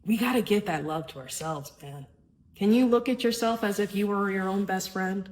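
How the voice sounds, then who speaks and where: A woman's voice: medium pitch, moderate pace, a little mellow, poor audio. A woman hosting a spiritual self-help podcast, talking in an earnest, casual way with a frequent "right?" and the odd swear word. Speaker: podcast host.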